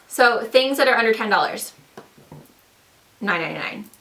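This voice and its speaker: A woman's voice: fairly high pitch, animated, normal speed, fairly bright tone. A young woman with a slight lisp, gushing about her favorite fall finds in a casual vlog, with lots of "like" and "so cute.". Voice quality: slight lisp from dental trays. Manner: bubbly, gushing, says "like" often. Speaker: beauty and lifestyle vlogger. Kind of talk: casual product haul vlog.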